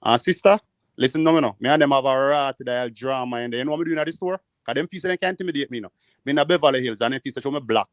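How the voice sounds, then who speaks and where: Fast-talking Jamaican man telling stories. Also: mid-range voice, dry recording, studio quality. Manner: animated, rambling anecdotes in patois. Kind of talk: casual storytelling. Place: living in the United States.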